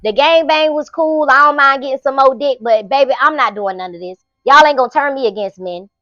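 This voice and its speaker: A woman's voice: high-pitched, brisk, bright, forceful tone, dry recording, highs cut off. A woman voicing a brash, hot-tempered young woman who talks in blunt, profane slang. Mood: defiant.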